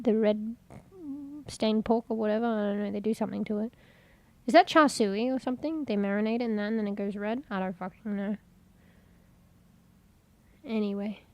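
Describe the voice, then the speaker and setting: A woman's voice: a little high, no echo. A woman, chatting casually and rambling while streaming, swearing offhand and sounding congested.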